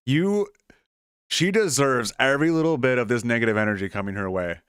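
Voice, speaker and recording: A man's voice: medium pitch, normal speed, fairly bright tone, smooth, no echo, clean studio sound. A man co-hosting a political commentary show, sarcastic and mocking in his remarks.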